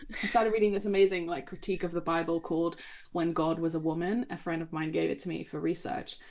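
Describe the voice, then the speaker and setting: A woman author as a guest on a podcast, chatting casually and telling animated, rambling stories. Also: on the low side, quick pace. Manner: animated, tangential storyteller who swears casually.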